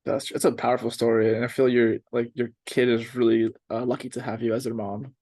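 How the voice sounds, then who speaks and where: A man hosting a podcast, asking questions in a soft, hesitant way with lots of fillers. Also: mid-range voice, flat delivery, brisk. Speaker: podcast host. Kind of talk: casual interview chat.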